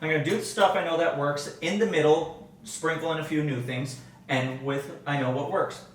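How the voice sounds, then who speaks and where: A young adult man hosting a casual chat, telling stories with lively energy. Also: fairly high pitch, moderate pace, a little hiss or hum. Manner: animated storyteller. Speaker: host. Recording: roomy distant mic with faint background.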